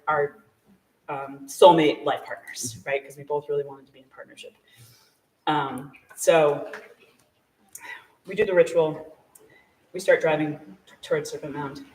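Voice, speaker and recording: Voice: medium pitch, a little mellow. Casual storyteller, filler-heavy, laughs a lot, echoey room, heard from a distance. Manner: chatty, filler-heavy with frequent "like"; laughs often while telling the story. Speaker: guest sharing a story. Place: small shop hosting a live event.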